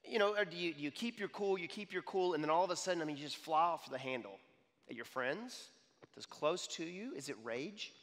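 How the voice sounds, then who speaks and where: Male pastor in his 30s, slightly high voice, lively talk-style sermon, hall reverb. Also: a little fast. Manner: animated, repeats "okay?" to the crowd. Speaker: young adults pastor. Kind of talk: conversational sermon.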